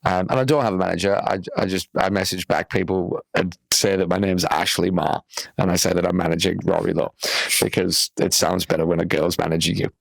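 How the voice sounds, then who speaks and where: A man's voice: deep voice, fairly even intonation, a little fast, gravelly, no echo, low-quality recording. A young man, telling a rambling comedy story full of fillers and swearing on a podcast. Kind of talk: casual storytelling.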